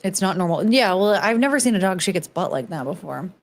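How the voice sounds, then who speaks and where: A woman's voice: lowish voice, lively intonation, fast. A woman hosting a casual chat while reacting to clips, rambling and blunt, swearing casually. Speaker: host.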